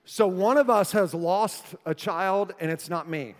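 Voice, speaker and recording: A man with a high voice preaches a sermon to his congregation, easygoing and joking but turning earnest. His voice rings out with the long reverb of a church hall. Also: unhurried, slight background noise. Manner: conversational, joking, then earnest. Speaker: pastor. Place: church sanctuary.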